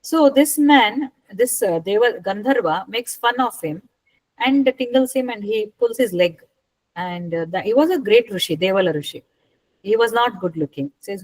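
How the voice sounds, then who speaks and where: A woman retelling a scripture story as a talk, unhurried and asking her listeners rhetorical questions. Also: medium pitch, animated, dry recording, poor audio.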